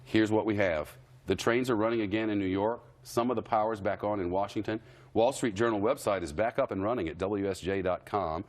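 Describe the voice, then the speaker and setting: A man's voice: fairly low pitch, fairly quick. A man anchoring live cable news, talking in a wry, conversational way with jokey asides. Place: television studio.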